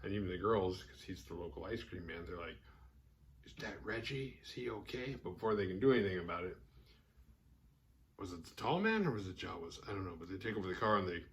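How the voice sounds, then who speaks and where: Low-voiced man rambling through a film recap. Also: lively intonation, a little fast, fairly bright tone. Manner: rambling and filler-heavy, acting out characters' lines. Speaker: horror film podcast host.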